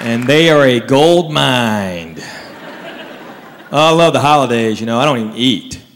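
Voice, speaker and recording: Man doing lively stand-up. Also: medium pitch, unhurried. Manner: animated storytelling, acting out relatives. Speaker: stand-up comedian. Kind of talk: stand-up routine. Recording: live venue with long reverb, faint crowd noise.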